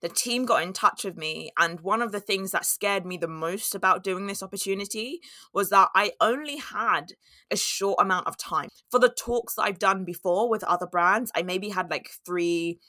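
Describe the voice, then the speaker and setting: A woman's voice: medium pitch, bright, forceful tone, dry recording, clean studio sound. A young woman telling a candid, reflective personal story in a monologue, now and then acting out her own inner voice.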